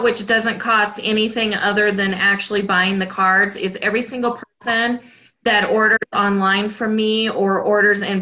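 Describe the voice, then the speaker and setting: Bright woman giving earnest advice. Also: medium pitch, rough recording. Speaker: team member sharing tips. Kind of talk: casual team call.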